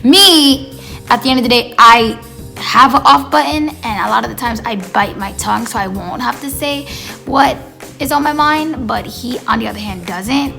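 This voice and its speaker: A storytime vlogger, a woman with a fairly high, creaky, sharp-toned voice at normal speed, tells a casual story with faint music behind her. She rambles with lots of fillers and acts out what people said.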